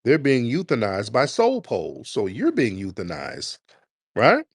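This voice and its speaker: A man hosting a call-in show, taunting a caller with mocking, drawn-out repeated questions. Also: medium pitch, huge pitch swings, slightly rough, dry recording, clean studio sound. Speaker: host of a call-in talk show. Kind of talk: confrontational call-in radio talk.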